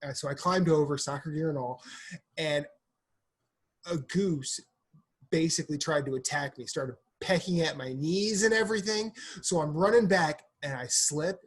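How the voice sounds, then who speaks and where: A man co-hosting a podcast, telling stories in an animated, joking way with some swearing. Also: on the high side, moderate pace. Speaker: podcast co-host. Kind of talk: casual chat.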